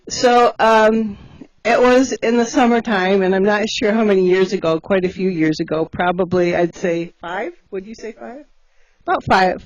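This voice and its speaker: A woman's voice: mid-range voice, no echo, highs cut off. A woman who cares for bears, telling stories in a casual, chatty way with many fillers and laughs. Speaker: bear sanctuary caretaker telling stories. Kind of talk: casual storytelling on a livestream.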